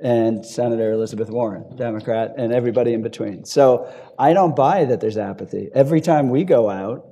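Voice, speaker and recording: Panelist, man, mellow voice, lively anecdotes in a ballroom. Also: medium pitch. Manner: animated storyteller, quick asides and chuckles. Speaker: panelist, advocacy group leader. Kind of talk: panel discussion. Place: hotel ballroom.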